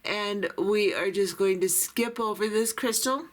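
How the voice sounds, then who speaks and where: A woman's voice: medium pitch, measured pace. A middle-aged or older woman giving patient, step-by-step beading instructions while she works with her hands. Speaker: beading tutorial host.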